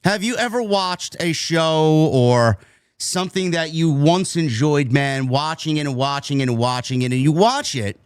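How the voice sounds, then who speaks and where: Animated, swearing New York man. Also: fairly high pitch, moderate pace, smooth, no echo. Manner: animated, swears a lot, says "man" and "bro". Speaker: show host. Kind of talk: casual podcast review chat.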